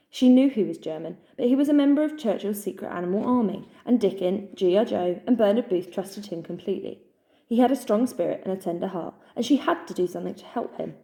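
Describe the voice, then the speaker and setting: A woman reading a children's novel aloud in a measured storytelling manner. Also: medium pitch, dark tone. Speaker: reader.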